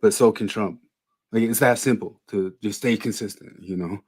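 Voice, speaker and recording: A man's voice: on the low side, moderate pace, darkish tone. A man co-hosting a podcast, talking bluntly in casual chat and often repeating his words. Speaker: podcast co-host.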